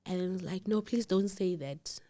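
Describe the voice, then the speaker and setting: A woman telling a personal story as a guest, animated and acting out the quoted dialogue. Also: lowish voice, normal speed. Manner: animated, acts out quoted dialogue, laughs in disbelief.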